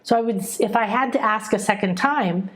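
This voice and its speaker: A woman's voice: mid-range voice, moderate pace, fairly bright tone. A middle-aged woman, a spiritual teacher, giving an earnest, emotive teaching monologue that mixes lessons with personal stories. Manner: earnest, emotive, checks in with listeners.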